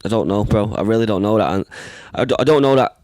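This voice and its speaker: A man's voice: fairly low pitch, fast, darkish tone. A man in his early twenties with a Manchester accent, a rapper talking as a guest in a casual interview, laid-back and rambling, full of slang and fillers. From Manchester, England. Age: 20s.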